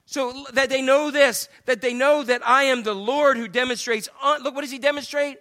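A man preaching in a church with a high, bright and forceful voice. He keeps the sermon loose and conversational, with jokes and asides to people in the pews. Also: fairly quick, hardly any pauses. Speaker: pastor. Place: church sanctuary.

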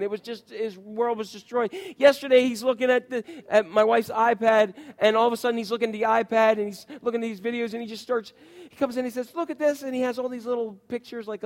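Male pastor, thirties, high voice, chatty storytelling sermon style. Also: long reverb tail. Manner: conversational, storytelling with voiced quotes. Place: church.

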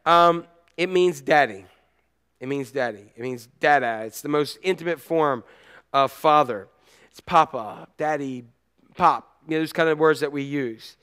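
A middle-aged man preaching a sermon as a pastor, telling stories with animated energy and shouting out the cries he quotes. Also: fairly high pitch, unhurried, smooth.

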